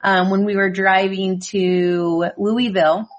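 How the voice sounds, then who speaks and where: Telling holiday tales in a relaxed family conversation, this Idaho woman laughs a lot and leans on "um" and "like." Her mid-range voice moves little in pitch and comes slowly, and the audio sounds dull.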